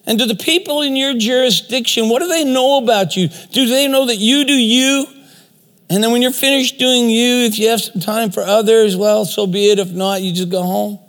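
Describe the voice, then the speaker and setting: A man's voice: very high-pitched, normal speed, fairly bright tone. A man giving a sermon, telling a story and asking the audience rhetorical questions, with self-deprecating asides. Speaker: speaker. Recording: long reverb of a large hall.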